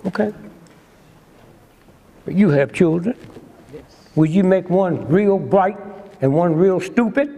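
A man's voice: sits high, animated, slow pace, long pauses, mellow. An older man giving a humorous lecture to a live audience, sly and teasing, constantly prodding the crowd with "hmm?". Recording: long hall reverb.

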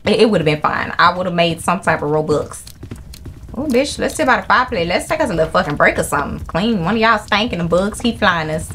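A young woman commentating her horror gameplay, excitable and profane, with jumpy reactions. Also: lowish voice, fast, slight background noise. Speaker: gaming channel host. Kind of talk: live horror game commentary.

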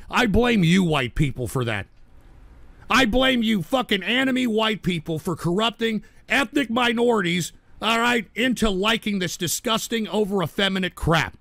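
High gravelly man ranting hard. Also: animated, normal speed, no echo. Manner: aggressive, profane, shouting rant. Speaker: radio call-in show host. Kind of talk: live call-in radio rant.

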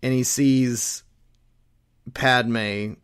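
A man chats casually about a comic book storyline, rambling and circling back with fillers. He speaks slowly in a mid-range voice, taking his time with every thought. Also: mid-range voice, fairly even intonation, smooth. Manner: rambling, with many fillers and restarts. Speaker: host retelling a comic storyline. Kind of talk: casual chat.

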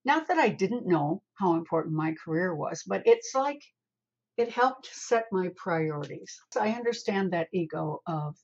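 An older woman, a spiritual healer, telling a story in an interview in an animated way and calling the host honey. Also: lowish voice, normal speed, breathy edge, dull audio.

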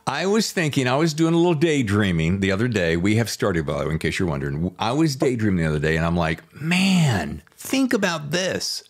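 Playful, animated male podcast host. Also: fast talker, few pauses. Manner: animated, teasing, jumps into high mock voices. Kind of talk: chatty, playful interview.

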